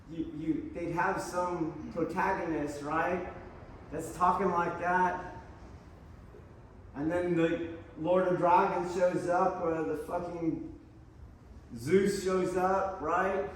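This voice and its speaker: Slow, blunt man teaching in an echoey hall. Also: high voice, recorded from a distance, a little hiss or hum. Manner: blunt, profane, challenging questions. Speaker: aikido teacher. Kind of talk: mat-side teaching talk.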